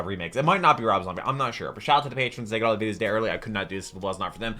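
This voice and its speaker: A man hosting a casual reaction video, chatting to his viewers and tossing in quick comments. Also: mid-range voice, a bit bright. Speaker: YouTube reaction host.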